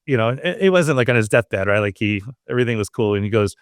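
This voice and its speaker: A man from Southern California hosting a podcast, telling a story in a casual, animated way and acting out quoted lines. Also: fairly low pitch, fast, clean tone, dry recording, studio quality. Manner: animated, acts out quoted dialogue. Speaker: podcast host.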